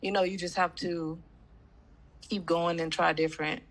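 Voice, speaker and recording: A woman speaks at normal speed in a lowish voice with a level tone. A student in a coaching class with a slight cold, she rambles through casual chat on a video call, leaning on plenty of fillers.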